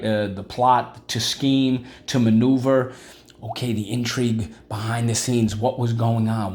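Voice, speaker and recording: A man's voice: medium pitch, a little mellow. A man teaching a vocabulary lesson, repeating words syllable by syllable and asking the class questions. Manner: asks class-style questions like "What's the word?".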